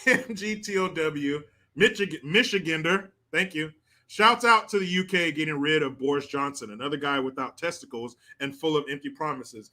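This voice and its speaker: A man's voice: on the high side, normal speed, sharp tone. A man hosting a casual livestream, talking in brash, profane, joking banter. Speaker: host.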